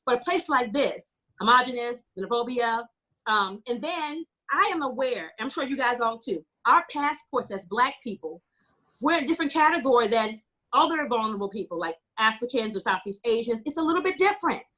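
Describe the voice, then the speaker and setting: An American woman with a high, pushed, bright voice speaks as a community organizer on a panel. She tells stories with passion and quotes dialogue along the way.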